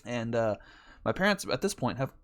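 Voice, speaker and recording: A man's voice: medium pitch, very animated, moderate pace, a bit bright. A man hosting a podcast, telling a rambling, profane story in a casual way. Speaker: podcast host.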